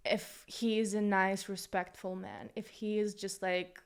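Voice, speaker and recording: A woman's voice: mid-range voice, flat delivery, a little slow, clean tone. A young woman guest on a podcast, talking candidly and bluntly in casual chat, with lots of fillers.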